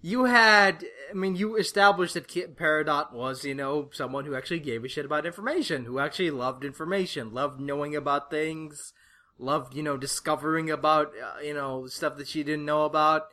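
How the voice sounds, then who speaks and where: Bright-voiced young man ranting heatedly. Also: on the high side, moderate pace. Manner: heated, swearing, exasperated. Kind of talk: casual ranting chat about a cartoon.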